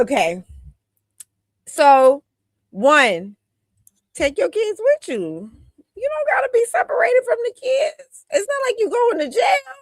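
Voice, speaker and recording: A woman's voice: sits high, no room sound. A woman giving heated, scornful commentary on a live stream, laughing and talking in a colloquial way. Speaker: commentator on a political talk stream.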